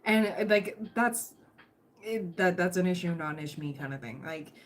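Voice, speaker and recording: A woman's voice: fairly low pitch, lively intonation, normal speed, a little hiss or hum. A woman giving a chatty, reassuring tarot reading on a livestream, full of fillers and restarts, her throat dry and catching. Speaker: tarot reader.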